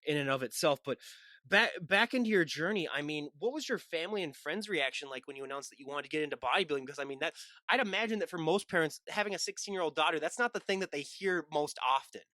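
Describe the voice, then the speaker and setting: Fast-talking Minnesotan podcast host. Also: male voice, on the high side, bright, forceful tone, no echo. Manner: rambling, jokey tangents. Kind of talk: casual interview chat.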